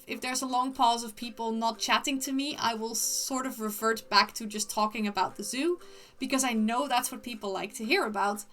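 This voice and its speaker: A woman's voice: a little high, fairly bright tone. A woman livestreamer chatting casually with viewers, rambling with lots of restarts. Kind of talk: casual chat.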